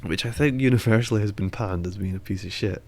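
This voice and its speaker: A man's voice: on the low side, fast talker, a little mellow. A young man on a podcast, casual chat, blunt, opinionated and sardonic. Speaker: podcast co-host.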